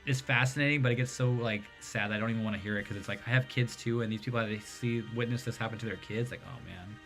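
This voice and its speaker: A man hosting a casual livestream chat, rambling and animated as he tells stories. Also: fairly low pitch, fast, faint music behind. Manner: rambling, animated storyteller who mimics voices.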